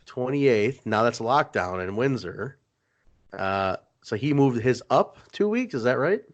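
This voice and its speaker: A man co-hosting a podcast in a loose, rambling way, cracking jokes as he goes. His pitch swings widely, rising and falling through each sentence. It is casual, unhurried chat among friends. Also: sing-song, muffled recording. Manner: rambling, jokey storytelling. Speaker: podcast co-host.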